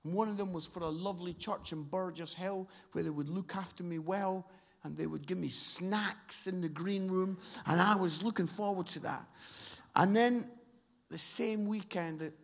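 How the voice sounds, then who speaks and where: A man preaching a sermon, telling stories with animated impressions of the people in them. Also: moderate pace, vocal fry. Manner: animated storytelling, mimics people in high voices.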